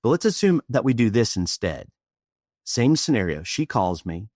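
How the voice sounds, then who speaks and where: Middle-aged male coach from Texas, animated storyteller with a deep, dry voice. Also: moderate pace, no room sound. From Austin, Texas. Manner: animated, acts out dialogue. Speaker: guest, presentation coach. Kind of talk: storytelling in interview.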